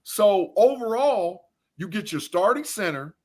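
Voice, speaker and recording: Emphatic high-voiced man. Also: expressive, unhurried, a little mellow. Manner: emphatic, chuckling, repeats phrases. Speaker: guest. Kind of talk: casual chat.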